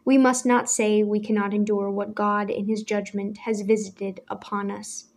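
A woman voicing a stern, authoritative older father who speaks in measured, grave tones. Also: mid-range voice, little pitch movement, natural voice.

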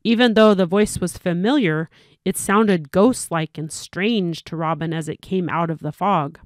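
A woman's voice: fairly low pitch, a little slow, no room sound. Woman reading a storybook aloud, dry close sound. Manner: steady, clear storytelling with occasional slips. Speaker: narrator.

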